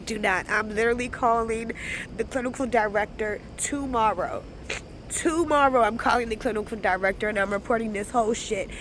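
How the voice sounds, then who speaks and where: Recorded on a phone, a travel vlogger rants angrily in a hospital emergency waiting room, cursing and venting in fury. Her voice is a little high and fairly bright, with fairly even intonation and a fairly quick pace, over a little hiss or hum.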